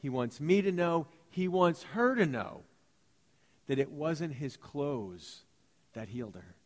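Animated male preacher in a reverberant hall. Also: on the high side, slow. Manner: animated, conversational preaching with acted-out voices. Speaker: pastor. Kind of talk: sermon. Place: church sanctuary.

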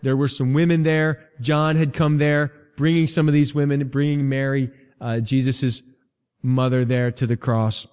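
A man's voice: medium pitch, little pitch movement, normal speed, clean tone. A man preaching a sermon as pastor, speaking earnestly and conversationally, with emphasis that builds in repeated phrases. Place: church sanctuary. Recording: reverberant hall, dull lo-fi sound.

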